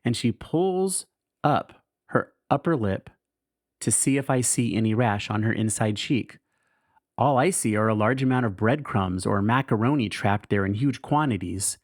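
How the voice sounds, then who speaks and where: A man's voice: fairly low pitch, normal speed, no room sound, studio quality. A man hosting a podcast, candidly reading his caregiving diary aloud in a wry, self-mocking way, swearing casually. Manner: frank and wry, swears casually, laughs at himself.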